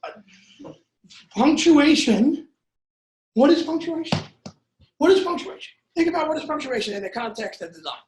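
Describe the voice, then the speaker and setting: A man's voice: very high voice, lively intonation, normal speed, pauses often, roomy sound, low-quality recording. A man teaching a copywriting workshop to a live audience, joking and veering off into asides, asking rhetorical questions as he goes.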